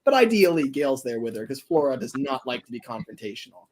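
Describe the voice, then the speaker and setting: Rambling, animated livestream storyteller. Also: mid-range voice, quick pace. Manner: rambling, many fillers and restarts. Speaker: streamer.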